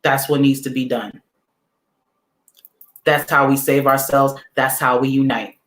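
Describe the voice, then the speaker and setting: A man speaking straight to his livestream viewers with the push of a preacher. He repeats his affirmations again and again, loosely and in casual slang, at a mid-range pitch. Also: flat delivery, unhurried, a bit bright. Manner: casual slang, direct address to the audience. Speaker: livestream host. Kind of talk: motivational livestream talk.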